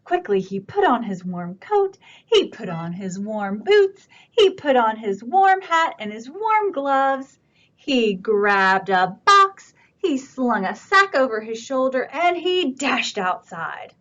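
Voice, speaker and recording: Slow, gentle storytime librarian woman. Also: a little high, sing-song. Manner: slow, gentle, coaxing questions to kids. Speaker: children's librarian. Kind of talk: virtual children's storytime reading. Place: library room, indoors. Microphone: camera on a stand. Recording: dull lo-fi camera audio, faint room hiss.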